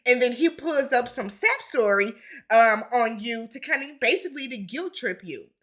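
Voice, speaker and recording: A woman's voice: on the high side, expressive, moderate pace, a bit bright. A woman giving a casual recap of a reality TV episode, with sassy, blunt commentary and slangy asides.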